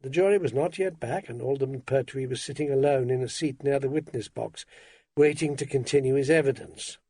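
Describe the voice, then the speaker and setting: Man, audiobook narration, wry, dry delivery, gravelly, close dry sound. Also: mid-range voice, a little fast, warm tone, no echo. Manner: dry, wry, first-person storytelling.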